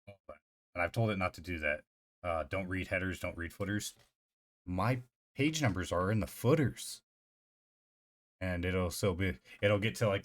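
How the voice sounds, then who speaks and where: A man streaming live, chatting casually in a rambling, profane way full of fillers. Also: sits low. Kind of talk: casual livestream chat.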